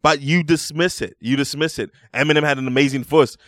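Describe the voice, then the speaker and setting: A man co-hosting a casual podcast, quick to tease and push back in debate. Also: on the high side, fairly even intonation, a bit bright, dry recording, studio quality. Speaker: podcast co-host. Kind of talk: casual chat.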